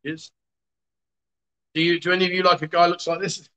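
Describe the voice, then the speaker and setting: A man's voice: high-pitched, little pitch movement, a little fast, pushed and bright, poor audio. A man hosting a casual livestream, reading out viewer comments with jokey, exasperated asides. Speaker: livestream host.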